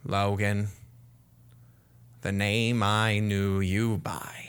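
A man voicing an ancient king of rats who speaks as a swarm, slow and formal. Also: lowish voice, little pitch movement, a bit bright, clear, resonant tone. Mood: ominous. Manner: slow, solemn, formal pronouncements.

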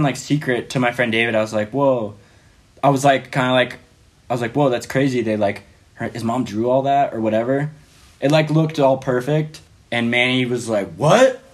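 A man telling a story as a podcast guest in casual, rambling speech full of fillers, often laughing. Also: medium pitch.

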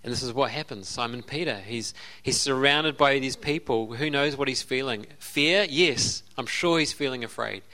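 A man's voice: mid-range voice, normal speed, few pauses, pushed and bright. A man with an Australian accent preaching a sermon as a pastor, telling the story conversationally with asides and laughs.

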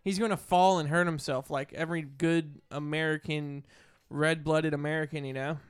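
A man's voice: fairly high pitch, steady tone, moderate pace, clean tone, no room sound, studio quality. A young man chatting casually, brash and teasing, with crude jokes. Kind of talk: casual chat.

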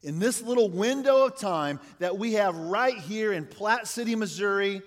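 A man's voice: high-pitched, animated, a little fast, few pauses. A middle-aged man, preaching a conversational sermon and asking the congregation questions. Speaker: pastor. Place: church hall. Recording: long hall reverb.

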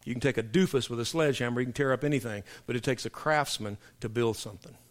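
In a church sanctuary, a middle-aged male pastor preaches a sermon to his congregation, emphatic and preacherly, dropping his voice low for punchlines. He talks fast.

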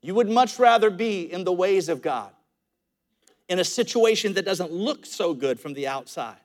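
A male pastor delivering an animated sermon, telling humorous stories and calling the congregation to repeat lines after him. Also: high-pitched, normal speed. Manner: tells stories with humor and chuckles.

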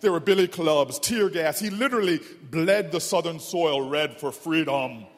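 A man putting on a grandiose, booming documentary narrator voice, slow and solemn, in a large public hall. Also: faint music behind, close to an everyday voice. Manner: slow, solemn, dramatic delivery. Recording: reverberant hall from far off.

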